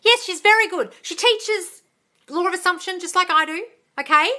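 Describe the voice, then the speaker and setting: A woman hosting a casual live Q&A as a manifestation coach, chatty and animated, swearing freely and laughing often. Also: very high-pitched, moderate pace. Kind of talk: casual live-stream chat.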